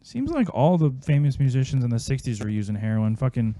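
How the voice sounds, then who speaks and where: A man's voice: medium pitch, very animated, quick pace, dark tone. A man, a guitar player, talking as a podcast guest in rambling, profane casual chat and telling stories. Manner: rambling, swearing, storytelling.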